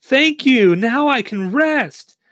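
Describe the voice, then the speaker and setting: A man voicing an eerie little ghost girl who pleads in a high Valley Girl tone. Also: lively intonation, slow, fairly bright tone, dry recording, heavily acted. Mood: wistful. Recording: dull lo-fi sound, dry.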